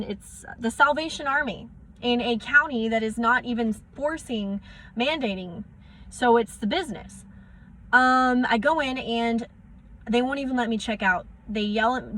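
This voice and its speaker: A young woman vlogging, frustrated and close to tears as she recounts confrontations in quick bursts of dialogue. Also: fairly high pitch, fairly bright tone, a little hiss or hum. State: near tears. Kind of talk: emotional personal vlog rant.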